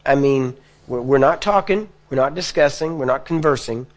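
A man's voice: medium pitch, normal speed. Preacher talking plainly to his audience. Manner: conversational, checks in with the crowd often. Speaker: preacher teaching healing prayer. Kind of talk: sermon. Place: church or meeting hall before a live audience.

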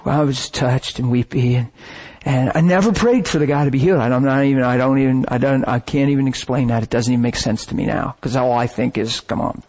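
A man preaching, telling a story in an animated, dramatic way that breaks at times into shouts and laughter. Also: mid-range voice, quick pace. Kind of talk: sermon storytelling.

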